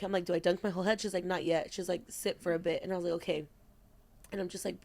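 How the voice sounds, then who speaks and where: A woman's voice: mid-range voice, vocal fry. A young woman co-hosting a podcast in casual chat. She tells stories with lots of energy, acts out the quotes and swears freely. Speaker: podcast co-host.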